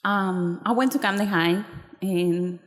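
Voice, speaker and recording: Woman speaking at a school board mic, slow and halting, gets emotional, echoey hall. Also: medium pitch. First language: not English. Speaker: public commenter. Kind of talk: public comment at a school board meeting. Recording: reverberant hall.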